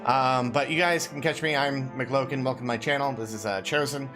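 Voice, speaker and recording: A man's voice: mid-range voice, a little fast. Midwest guy game master, lots of uhs, chill, music playing underneath. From Midwest United States. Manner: hesitant, lots of uhs, relaxed. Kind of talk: casual tabletop game narration.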